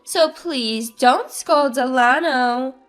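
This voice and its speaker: A woman's voice: sits high, slow pace, a bit bright, faint music behind. A woman voicing a condescending young mother with a fake-sweet, prim manner.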